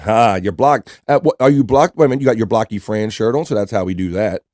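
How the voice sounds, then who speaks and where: A man's voice: on the low side, fast talker, no echo, studio quality. Laid-back man hosting a chat livestream. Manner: reads chat messages aloud and gives lively shout-outs; playful, loose and joking. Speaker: livestream host.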